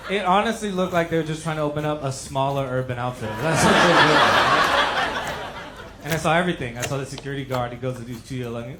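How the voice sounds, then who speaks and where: A man doing stand-up, telling an anecdote with a deadpan touch. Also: mid-range voice, very noisy. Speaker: stand-up comedian. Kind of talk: stand-up set.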